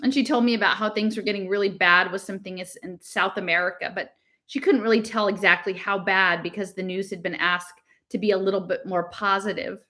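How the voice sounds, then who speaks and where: A woman's voice: medium pitch, steady tone, a little fast, bright, forceful tone. A woman reading a novel aloud in a casual manner, stopping now and then to laugh and comment on the text. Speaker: reader.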